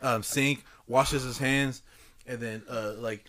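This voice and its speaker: A man's voice: medium pitch, slow pace. A young man, co-hosting a podcast and telling stories in casual, profane chat. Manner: profane, animated storyteller. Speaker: podcast co-host.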